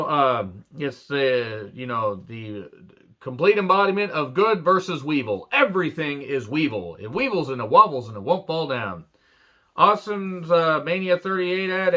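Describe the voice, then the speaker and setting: A man's voice: fairly high pitch, sharp tone, dull audio. A man casually recapping a wrestling show, rambling into crude jokes and sarcastic asides.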